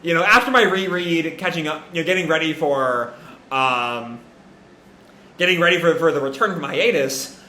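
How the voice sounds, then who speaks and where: Pitched fairly high and moving at a moderate pace, this man's pushed, bright voice hosts a live manga reaction. He rambles through his thoughts, hedging and self-correcting, while an echoey room colors the sound.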